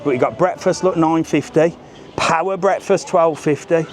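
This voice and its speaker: A man with a slightly high voice and a steady tone chats and jokes with his viewers at a moderate pace. He's a travel vlogger streaming live while walking outdoors on a busy seafront. Music plays loudly in the background.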